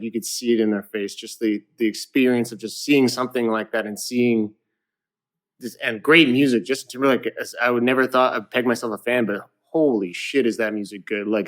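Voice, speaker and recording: Young man, lively storyteller, laughs and swears casually, guest musician. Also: mid-range voice. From Canada. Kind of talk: casual interview chat.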